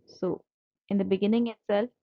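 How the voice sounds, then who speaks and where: A woman's voice: medium pitch, steady tone, normal speed, no echo. A woman teaching a slide-based literature lesson, patient and methodical, repeating key terms and spelling out each syllable. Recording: dull lo-fi dry recording.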